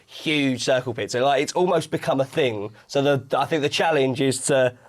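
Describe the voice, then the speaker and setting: A man hosting a casual interview show, chatty and quick to laugh, with lots of filler words. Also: medium pitch. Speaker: TV show host.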